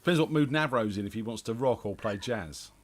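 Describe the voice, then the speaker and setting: A man hosting a radio show in relaxed chat, laughing often. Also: lowish voice, brisk. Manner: laid-back, laughs often. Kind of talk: casual chat.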